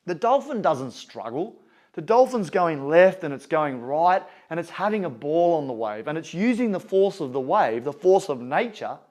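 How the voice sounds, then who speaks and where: Aussie motivational speaker, earnest, fairly high-pitched. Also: male voice, a little mellow. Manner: earnest, storytelling, conversational. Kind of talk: motivational talk.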